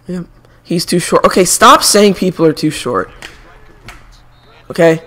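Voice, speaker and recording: Young male streamer, bright higher voice, animated, trading hot sports takes while playing. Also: a little slow. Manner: opinionated, animated sports banter. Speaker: gaming streamer. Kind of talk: casual chat while playing a video game.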